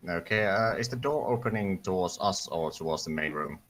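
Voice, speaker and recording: A man playing in a tabletop game, describing his character's actions in a relaxed way. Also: sits low, fairly quick. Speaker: player. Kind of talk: casual tabletop play.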